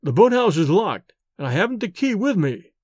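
A man voicing a calm, respectful male servant in a storybook, polite and unruffled. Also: high-pitched, moderate pace, husky, dry recording, clean studio sound, full character voice. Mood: deferential. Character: calm, deferential male manservant.

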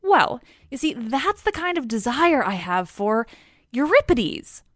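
A woman's voice: a little high, big pitch swings, a little slow, no echo, voice pushed up. A woman voicing a pompous, frumpy middle-aged male god in a storytelling retelling, with a dry close sound. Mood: earnest.

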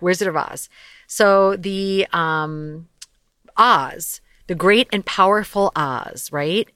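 A woman's voice: lowish voice, no echo, studio quality. A young woman hosting her own podcast, talking casually and chattily about life coaching, with light laughter and loose asides. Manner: chatty, animated, laughs often, swears lightly. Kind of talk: casual solo podcast talk.

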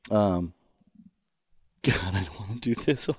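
A man's voice: lowish voice, slow, slightly rough, dry recording, clean studio sound. A man hosting a podcast in casual chat, rambling and laughing as he tells stories. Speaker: podcast host.

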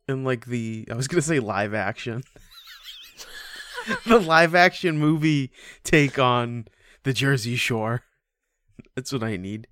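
A man co-hosting a casual podcast, animated and joking, swearing freely. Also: mid-range voice, no echo, clean studio sound. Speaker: podcast co-host.

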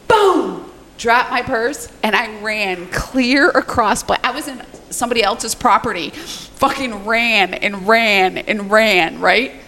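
A middle-aged woman telling a story in casual podcast chat, animated and profane. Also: on the high side, slow, a little hiss or hum. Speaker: podcast guest.

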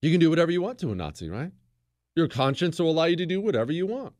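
A man's voice: a little high, very animated, rapid-fire, darkish tone, no echo, clean studio sound. A man hosting a political commentary show, talking in a sarcastic, teasing, exasperated way. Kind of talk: sarcastic monologue.

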